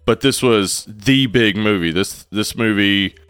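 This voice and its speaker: Relaxed, rambling male podcast co-host. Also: lowish voice, unhurried, no room sound. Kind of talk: casual chat.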